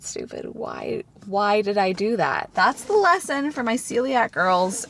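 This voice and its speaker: This vlogger, a woman in her twenties, has a lowish voice and a light Southern American accent, and there's slight background noise. She tells stories in a chatty, animated way, full of "like."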